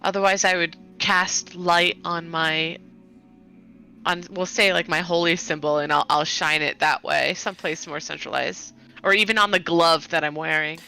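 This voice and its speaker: A woman's voice: on the low side, steady tone, moderate pace, creaky, sharp tone, smooth, soft background music. A woman playing a tabletop game, hesitant and giggly, with many ums. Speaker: player.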